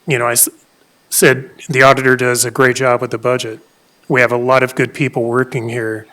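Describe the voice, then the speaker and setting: A man, a county commissioner, speaking at a public board meeting in an even, steady way, with frequent "you know" fillers. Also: medium pitch.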